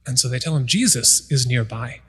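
A man preaches a sermon into a microphone, retelling scripture stories and acting out the voices of the people in them. His voice is medium in pitch, brisk and slightly rough, with a big-room sound.

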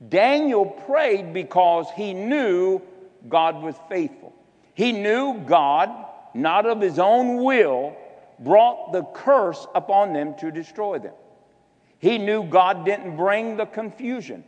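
A man's voice: sits high, expressive, a little mellow, muffled recording. A man preaching a sermon, exhorting the congregation and stretching out key words for emphasis. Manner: exhorting, shifts between slow drawn-out emphasis and quick asides. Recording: long hall reverb.

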